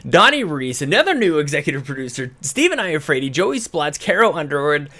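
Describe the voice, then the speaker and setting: A podcast host at home in British Columbia opens his show casually, rambling, chatting, and correcting himself, sounding a little out of breath. His fairly high voice is very animated, brisk, and sharp in tone.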